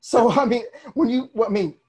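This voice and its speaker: A man's voice: very high voice, moderate pace. A young man in casual conversation as a podcast host, telling stories animatedly and acting out the people he quotes. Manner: animated storyteller, acts out quoted voices.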